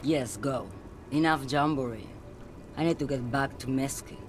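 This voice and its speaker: A man's voice: mid-range voice, normal speed, background noise, natural voice. A man reading as a detached, dreamy woman driver. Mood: aloof.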